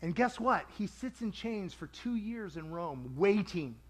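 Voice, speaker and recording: A man preaching a sermon to a congregation in a lively, conversational way, acting out quoted voices. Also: high voice, unhurried.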